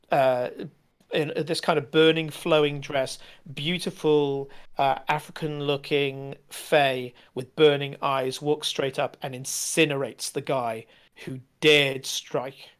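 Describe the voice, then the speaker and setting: A man narrating as game master, halting with frequent fillers as he describes scenes. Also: on the high side.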